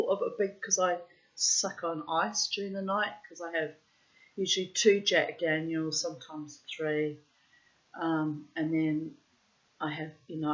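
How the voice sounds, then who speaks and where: Chatty middle-aged woman, lo-fi. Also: sits low. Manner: chatty and rambling, with frequent asides. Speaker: storyteller. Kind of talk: casual anecdote telling. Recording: dull lo-fi recording.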